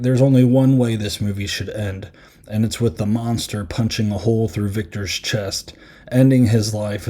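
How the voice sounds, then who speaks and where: A man chats casually on his podcast, rambling through a film review with plenty of fillers. His voice is dark and mellow rather than bright. He slips into quick impressions of characters as he retells scenes. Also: lowish voice. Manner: rambling, many fillers, acts out quotes.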